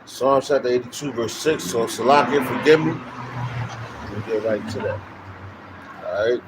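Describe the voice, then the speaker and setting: A man preaching on the street, emphatic and repetitive, with loud bursts. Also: medium pitch, normal speed, background noise. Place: outdoors on a street.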